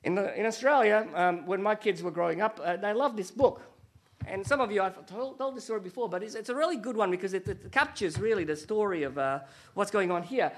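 A middle-aged male pastor with a fairly high voice preaches through a sermon. He tells stories with animation and slips in joking asides. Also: a little fast.

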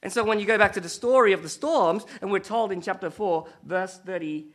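A middle-aged man preaching a sermon as pastor, animated and storytelling, with joking asides. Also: high-pitched, fairly quick.

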